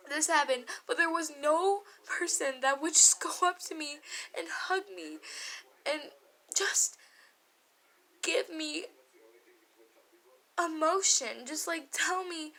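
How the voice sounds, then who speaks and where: A woman's voice: sits high, sharp tone, rough recording. A woman vlogger telling a personal story in a confessional, emotional way, candid and often swearing.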